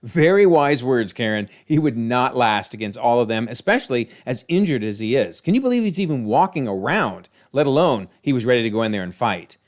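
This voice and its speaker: A man hosting a video, recapping a TV episode in an animated, exclaiming way. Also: mid-range voice, a little fast, few pauses. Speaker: video host.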